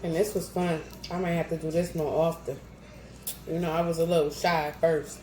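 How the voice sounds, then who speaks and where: A young mukbang vlogger from New Jersey chats casually between bites at home, laughing at herself, in a low, darkish voice with flat delivery and a moderate pace. Faint music plays behind her, and the echoey room carries audible noise.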